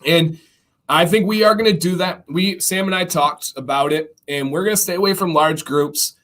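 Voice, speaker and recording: A middle-aged man from Michigan hosting a casual livestream chat, animated and reading viewer comments aloud. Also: a little high, moderate pace. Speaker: livestream host.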